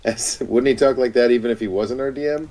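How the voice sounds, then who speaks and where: A man's voice: mid-range voice, brisk, mellow. A man playing a tabletop game, chatting casually in a hesitant, wry way. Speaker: player.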